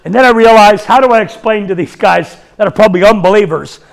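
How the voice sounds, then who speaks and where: A middle-aged man preaches with a strikingly high voice that carries a gravelly edge. He is bold and humorous, acting out the dialogue in his stories with laughing asides. His delivery is that of a charismatic evangelist. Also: quick pace. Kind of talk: charismatic sermon with storytelling.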